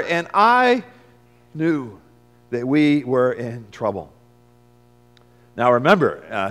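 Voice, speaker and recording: A preacher as an earnest fisherman disciple. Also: high-pitched. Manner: storytelling, swinging between hushed and loud. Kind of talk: first-person dramatic sermon monologue. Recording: long reverb of a large hall.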